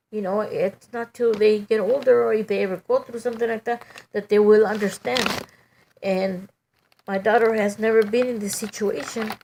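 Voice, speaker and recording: Halting and emotional, this middle-aged woman shares a personal testimony in a mid-range, slightly mellow voice. Her speech is full of restarts and "you know."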